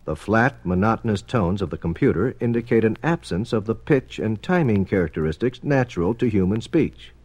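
A man narrating a formal documentary in a measured, explanatory manner. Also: on the low side, no room sound. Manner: measured, explanatory, expressive intonation.

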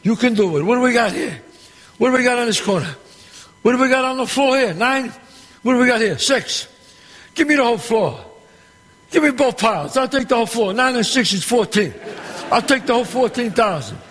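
An actor playing a middle-aged gangster boss who runs a dice game. He is loud and bossy, and he swears and throws insults around freely. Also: extremely high pitch, expressive, a little fast, full character voice. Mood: boisterous. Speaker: mob boss at a craps game. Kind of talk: film dialogue. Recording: echoey hall sound with faint ambience.

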